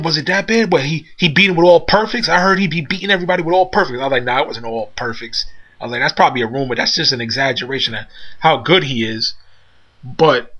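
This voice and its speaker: Man storyteller, slangy and animated with quoted voices, bright tone, muffled lo-fi recording. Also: mid-range voice. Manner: loose street slang, acts out friends' lines in quick voices. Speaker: storyteller recounting arcade days. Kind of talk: casual storytelling monologue.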